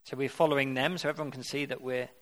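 Male preacher, earnest and conversational in the sermon, mid-pitched voice. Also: fairly even intonation, fast, a bit bright.

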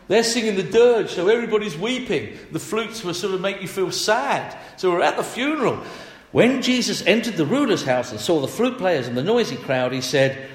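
A man preaching a sermon in a chatty, animated way, often laughing as he talks. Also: high voice, normal speed, few pauses. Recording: echoey hall.

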